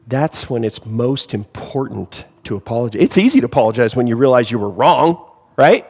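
Man preaching a sermon, gravelly, husky, animated, long hall reverb. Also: mid-range voice, moderate pace. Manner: animated, acts out quoted voices, wry asides. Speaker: pastor.

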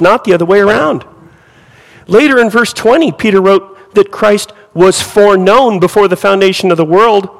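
A man preaching a sermon with lively rhetorical questions to his congregation. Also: high-pitched, long reverb tail, rough recording. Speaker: pastor.

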